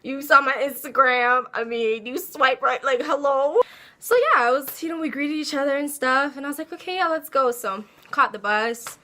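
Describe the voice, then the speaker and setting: A young woman telling a casual storytime, animated and laughing as she acts out her own quotes. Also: high voice, normal speed. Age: young adult. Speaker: vlogger.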